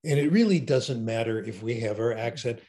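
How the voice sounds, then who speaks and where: Animated older man telling stories. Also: mid-range voice, a little fast. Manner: enthusiastic storyteller, animated. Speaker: interview guest. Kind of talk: conversational interview.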